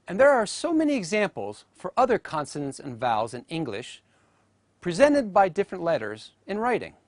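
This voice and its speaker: Deliberate, lively-pitched phonetics teacher narrating. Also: no room sound. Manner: careful, deliberate delivery with sounds spoken out as models. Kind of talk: scripted educational narration.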